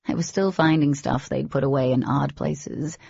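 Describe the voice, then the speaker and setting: A woman narrating an audiobook in first person, with an expressive reading and a husky, creaky voice. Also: rumbling low, moderate pace, no room sound, dull audio.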